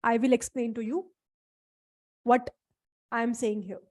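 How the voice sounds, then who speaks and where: A woman's voice: on the high side, steady tone, a little slow, darkish tone, no echo. A woman instructor giving a live online class, explaining step by step and checking in with her students.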